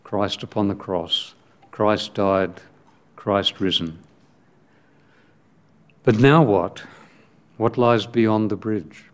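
A man preaching a sermon in measured, emphatic short phrases with long pauses, reading scripture aloud as he goes. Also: on the low side.

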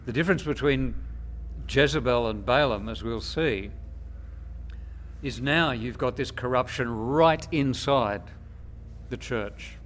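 A man preaching a sermon in a slow, measured, emphatic way, with long pauses between phrases. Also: medium pitch, a little hiss or hum.

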